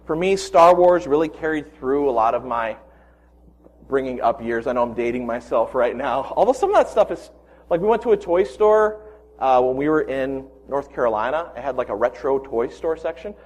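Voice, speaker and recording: A man in his forties preaching a sermon, telling personal stories with animated quoted voices. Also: medium pitch, moderate pace. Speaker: pastor.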